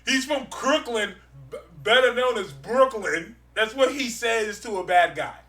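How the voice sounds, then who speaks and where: Animated high-voiced man laughing through comic gripes. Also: unhurried, roomy sound, far from the mic. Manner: animated, laughing, mocking, exclaims loudly. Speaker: podcast co-host. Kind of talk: casual chat about comic books.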